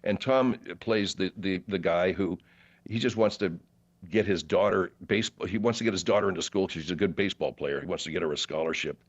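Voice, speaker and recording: A man with a fairly low voice tells rambling stories as a podcast guest. He jumps between asides and restarts himself often. The recording sounds dull and a little lo-fi. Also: fairly quick, breathy edge. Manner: rambling, animated anecdotes with many fillers and restarts. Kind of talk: casual interview storytelling.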